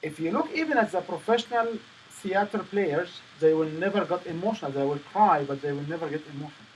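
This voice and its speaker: A man coaching a student on stage presentations, speaking in halting phrases with many restarts. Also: a little high, expressive, slight background noise, rough recording. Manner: non-native phrasing, repeats and restarts. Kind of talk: coaching session.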